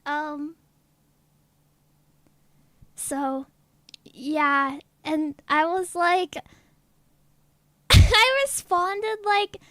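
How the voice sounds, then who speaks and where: A woman's voice: high voice, fairly even intonation, very slow, long pauses, sharp tone, dry recording. A woman with a girlish, childlike voice, telling a story in a giggly, rambling way as a VTuber chatting on stream. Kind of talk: casual stream chat.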